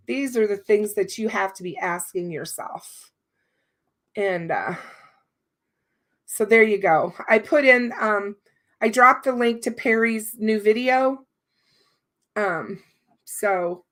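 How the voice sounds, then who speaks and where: A woman hosting a livestream in casual chat, her voice strained and worn, talking on with many fillers. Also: medium pitch. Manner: chatty, warm thanks, many fillers. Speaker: livestream host.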